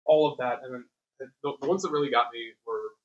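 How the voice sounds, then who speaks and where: A man's voice: medium pitch, fairly quick. A man in the audience answering a question, speaking hesitantly with many fillers. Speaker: audience member. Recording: quiet, distant and lo-fi.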